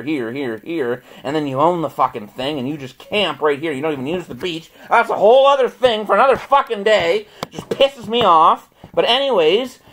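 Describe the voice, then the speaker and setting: A man's voice: fairly high pitch, fairly bright tone, low-quality recording. A man ranting at length in a profane, rambling, repetitive vlog, with bursts of frustrated laughter. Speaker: vlogger. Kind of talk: angry ranting monologue.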